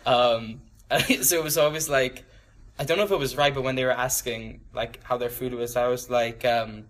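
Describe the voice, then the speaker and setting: A man's voice: medium pitch, moderate pace, a bit bright. Young man, twenties, casual youth-group talk, mid voice, umming and laughing at himself, faint background hiss. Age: 20s. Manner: rambling, many ums and restarts, laughs at his own stories. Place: church room with a small group.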